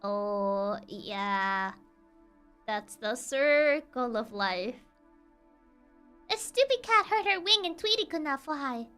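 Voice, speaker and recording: Young female game streamer with a high, animated voice. Playful, giggly, and teasing, with quick stumbles and restarts. Some music underneath. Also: clean tone. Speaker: gaming streamer. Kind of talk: playful gaming stream commentary.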